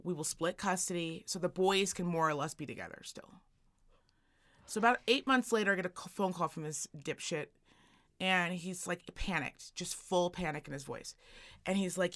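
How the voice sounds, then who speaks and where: Fairly quick and lowish in pitch, this podcast co-host tells a long tale in casual conversation. She animatedly takes on the voices of the people in her story.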